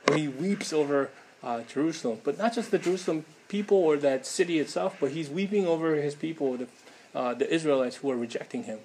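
A man's voice: on the high side, brisk, darkish tone, slight background noise. A man preaching a casual sermon in a conversational way, with many fillers and frequent tag questions.

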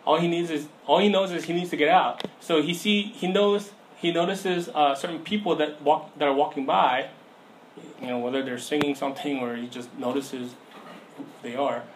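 A man's voice: on the high side, steady tone, moderate pace, poor audio. Storytelling young man preaching. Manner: conversational storytelling, acts out voices in anecdotes. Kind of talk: sermon. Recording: faint background noise.

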